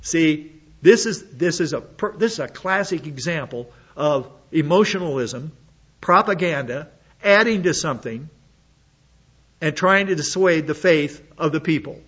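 A man's voice: on the high side, animated, unhurried, fairly bright tone, breathy edge, muffled recording. A man preaching an expository sermon, reading scripture aloud and commenting on it with blunt sarcasm.

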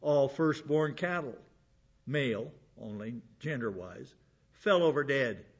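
A man's voice: medium pitch, lively intonation, slow, breathy edge, highs cut off. A man giving an informal Bible lesson, chatting along, repeating words and asking rhetorical questions. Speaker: Bible teacher.

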